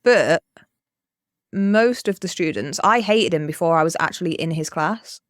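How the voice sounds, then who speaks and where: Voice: medium pitch, moderate pace, no room sound. Sweary podcast co-host, dry sound. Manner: sweary, animated storytelling with acted-out quotes. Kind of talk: casual chat.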